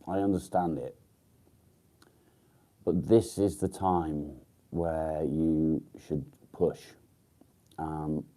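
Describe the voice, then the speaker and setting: Groggy, low-voiced man. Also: dark tone. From England. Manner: groggy, rambling, mumbled fillers and swearing. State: groggy, just woken up. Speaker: livestream host. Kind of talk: casual live-stream chat.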